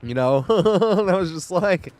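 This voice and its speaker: A man casually chatting on his live gaming stream, rambling and laughing a lot, relaxed and stoned, with frequent casual swearing. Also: sits high, slow.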